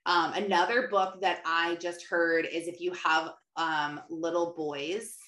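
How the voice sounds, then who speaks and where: A woman's voice: fairly low pitch, flat delivery, a little slow, a bit bright. A woman hosting a faith-based motivational talk, speaking earnestly and emphatically, with repeated urging phrases. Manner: earnest, emphatic, repetitive exhortation. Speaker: podcast host. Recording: echoey room.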